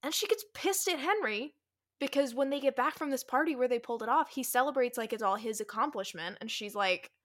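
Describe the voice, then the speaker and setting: A woman co-hosting a podcast, chatting casually and retelling a romance novel's plot with lively acted-out quotes. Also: high voice, fairly quick. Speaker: podcast co-host.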